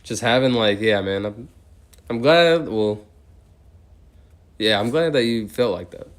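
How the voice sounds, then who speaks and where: A man livestreaming as he counts out loud without a break, now and then drifting off into rambling chat full of "like". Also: fairly low pitch, unhurried.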